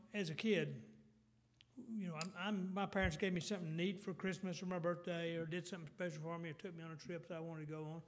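A middle-aged man, preaching a folksy sermon with halting restarts. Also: on the high side.

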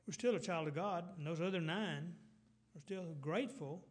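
A middle-aged man, preaching a folksy sermon with halting restarts. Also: on the high side.

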